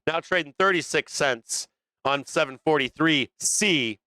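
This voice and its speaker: A man's voice: on the high side, unhurried, bright, forceful tone, no echo. A man hosting a live stock market stream, calling trades in a brash, profane, laughing way. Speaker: stock market livestream host. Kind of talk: profane live trading commentary.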